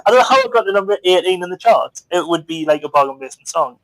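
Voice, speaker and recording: A man's voice: high-pitched, animated, fast, no room sound, rough recording. A man hosting a live stream chat, teasing and jokey. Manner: teasing, jokey, mimics others. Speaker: livestream host. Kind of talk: casual chat.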